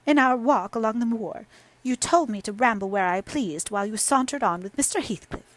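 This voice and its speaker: A woman voicing a jealous, tearful young woman who sobs and pleads in high, shrill outbursts. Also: brisk, no room sound, close to an everyday voice. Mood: tearful, indignant.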